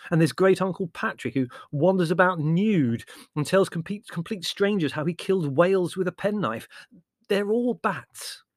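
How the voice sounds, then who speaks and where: A man's voice: high-pitched, moderate pace, no echo, clean studio sound, voice pushed up, lightly acted. A man voicing a sardonic, theatrical young writer who talks dramatically and sarcastically. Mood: exasperated.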